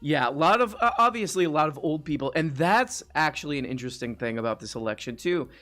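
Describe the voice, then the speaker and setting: A man's voice: a little high, lively intonation, fast, fairly bright tone, soft background music. Rambling male live-stream host. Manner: rambling, frequent restarts, reads chat aloud. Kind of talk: casual live-stream chat.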